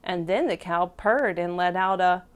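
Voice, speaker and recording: A woman teacher reading a picture book to toddlers, slow and expressive, stopping to ask the children questions. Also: fairly low pitch, smooth. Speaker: preschool teacher. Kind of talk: storybook read-aloud for toddlers.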